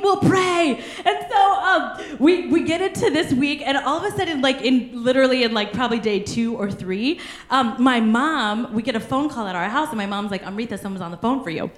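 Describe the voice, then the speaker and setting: A young woman delivers a sermon in a bright, high voice, animated and laughing through her stories. The sound carries a noticeable room echo. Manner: animated storytelling with frequent laughter. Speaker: pastor. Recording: echoey room.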